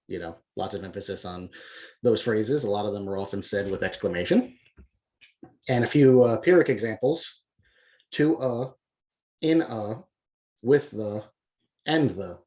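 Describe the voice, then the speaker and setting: A man explains poetry in a relaxed, unscripted video lesson, often pausing on filler words. His voice sits a little low, with a mellow, dark tone. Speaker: poetry press publisher teaching poetic meter.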